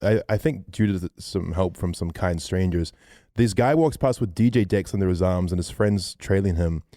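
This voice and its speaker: A man tells a rowdy story on a podcast. His voice sits a little low, and the close mic sounds dry. He talks with crude slang and laughs often. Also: moderate pace, warm tone, no echo. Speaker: podcast host. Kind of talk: casual storytelling chat.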